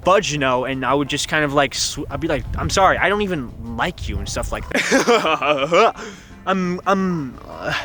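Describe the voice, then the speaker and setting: Unhurried yet animated, a young YouTuber's bright, forceful voice sits over soft background music as he plays a story game outdoors. He performs the dialogue in silly high falsetto voices and fills the gaps with rambling, playful asides.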